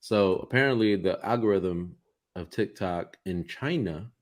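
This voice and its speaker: A young man co-hosting a casual comedy podcast, telling stories in an animated way and swearing a lot. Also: low voice, unhurried. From United States. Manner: animated storytelling with heavy swearing. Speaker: podcast co-host.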